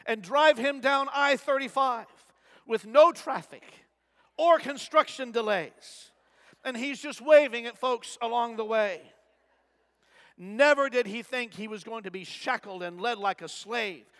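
High-voiced man preaching in a reverberant hall. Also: fairly bright tone. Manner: preaching with dramatic swings, acting out voices. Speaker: pastor. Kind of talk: sermon. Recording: long reverb of a large hall.

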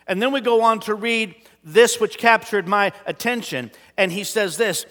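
A man preaching a sermon in a church, dramatic, swinging between loud declarations and hushed whispers while calling out to the congregation. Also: sits high, moderate pace, few pauses. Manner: calls out to the congregation. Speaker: pastor. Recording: long hall reverb.

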